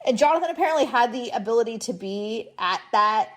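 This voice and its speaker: A woman in her thirties telling stories in a casual podcast chat, animated and laughing often. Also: fairly high pitch, brisk. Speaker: podcast guest.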